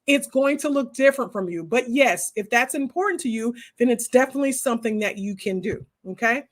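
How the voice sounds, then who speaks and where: Animated woman chatting with her viewers. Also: fairly high pitch, brisk. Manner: animated, talks straight to viewers with many asides. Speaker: homeschooling host answering viewer comments. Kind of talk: casual livestream chat.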